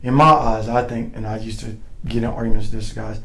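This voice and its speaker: A man's voice: fairly low pitch, steady tone, fairly quick, creaky, a bit bright, rough recording. A middle-aged man, a former soldier and the guest, telling stories in casual chat. He is profane and slangy and acts out other people's voices. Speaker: guest, former Green Beret.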